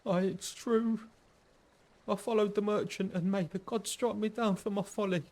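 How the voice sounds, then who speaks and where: A man's voice: high voice, fairly even intonation, normal speed, a little mellow, voice pushed up. A man voicing a terrified male refugee who stammers out his story in fear and guilt. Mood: frightened. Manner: stammering, fearful.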